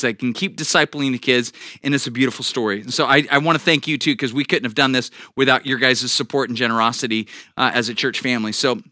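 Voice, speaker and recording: A man's voice: fairly high pitch, pushed and bright, dry recording, clean studio sound. A middle-aged man preaching a sermon as a pastor, telling a personal story earnestly with frequent restarts.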